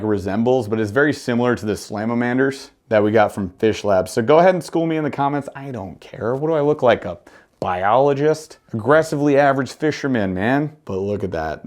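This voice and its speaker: A man with a lowish voice hosts a fishing channel, reviewing lures in a casual, excited way. He's enthusiastic and full of slang and jokes.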